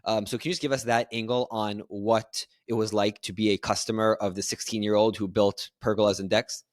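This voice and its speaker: A man hosting a podcast interview, asking measured, earnest questions. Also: on the low side, flat delivery, no room sound, studio quality. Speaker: podcast host.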